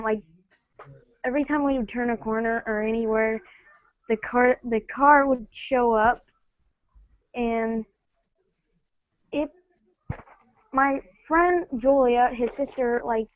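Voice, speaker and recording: A woman tells her story over a call in a halting, hesitant way, stopping and starting with lots of fillers. Her voice sits a little high, and the sound is dry and muffled. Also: dry recording. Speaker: caller. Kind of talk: casual phone-in storytelling. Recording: muffled lo-fi audio.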